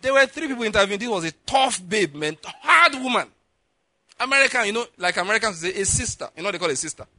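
A preacher from Nigeria tells a story from the pulpit, acting out each character's lines. His voice sits high and bright, and it swings widely in pitch. The sound is dry and close, with almost no room in it. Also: fast talker, no room sound. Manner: animated storyteller, acts out dialogue, laughs often. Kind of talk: sermon storytelling.

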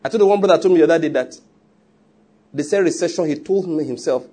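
A man's voice: on the high side, fast talker, pauses often, warm tone, slightly rough. A man preaching a sermon in an emphatic, conversational way, with joking asides. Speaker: pastor.

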